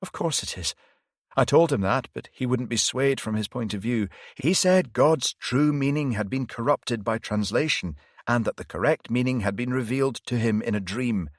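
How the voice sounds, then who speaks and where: A man putting on a scared young priest, pitched higher and a little louder than the narration around him. He talks in an anxious, faltering way, and the recording is dry and close. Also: moderate pace, no room sound, natural voice. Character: young frightened male priest.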